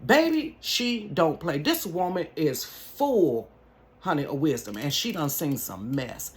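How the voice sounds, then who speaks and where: A woman in her bedroom, telling a personal story to camera in an animated, folksy way and calling viewers "y'all" and "honey". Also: deep voice, unhurried. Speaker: vlogger. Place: home bedroom. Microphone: camera at close range.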